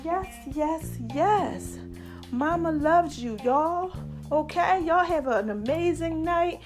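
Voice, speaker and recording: A woman's voice: very high-pitched, lively intonation, takes it slowly, over music. A woman hosting her own podcast in casual solo chat, laughing often and calling her listeners baby and y'all. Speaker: podcast host.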